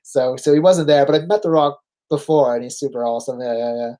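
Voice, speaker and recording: A Canadian man in his forties chats as a podcast guest, spinning animated anecdotes. He slips into quoted voices and laughs easily, with a middle-pitched voice. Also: quick pace. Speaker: guest, veteran pro wrestler. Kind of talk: casual storytelling chat.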